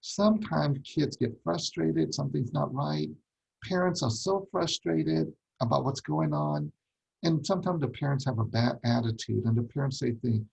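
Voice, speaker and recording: A man's voice: mid-range voice, expressive, normal speed, vocal fry, darkish tone, breathy edge, poor audio. A man teaching a ministry class on parenting, emphatic, repeating key points and asking rhetorical questions.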